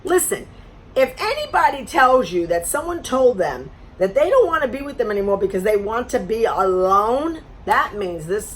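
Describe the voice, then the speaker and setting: A woman's voice: mid-range voice, a little hiss or hum. A middle-aged woman from Florida telling a dating story in an exasperated, sarcastic casual rant. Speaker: vlogger.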